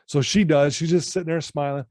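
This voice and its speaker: A man in his fifties, a personal-development coach, telling a personal story to a podcast host in an earnest, animated way. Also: a little high, brisk, no echo, studio quality.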